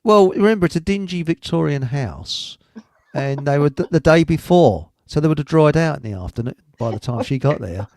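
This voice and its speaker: A man's voice: fairly high pitch, expressive, normal speed, a little mellow, dry recording, studio quality. A man hosting a live chat show, rambling and giggling as he reads out messages. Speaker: host.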